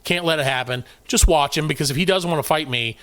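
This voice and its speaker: A middle-aged man tells a story on a casual podcast, acting out every line of dialogue and swearing as he goes. His voice sits a little high for a man. The recording is dry and close, with almost no room sound. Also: quick pace, no echo. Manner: animated storyteller, acts out quoted dialogue, swears freely. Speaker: podcast co-host and youth basketball coach.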